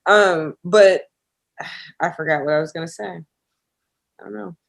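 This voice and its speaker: Easygoing woman podcast host, lowish voice. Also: slow, vocal fry. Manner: easygoing interviewer, asks follow-up questions. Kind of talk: casual podcast interview.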